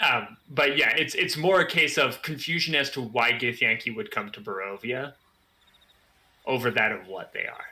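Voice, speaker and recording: A man narrating as game master for a tabletop game, halting with fillers. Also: medium pitch, bright, forceful tone.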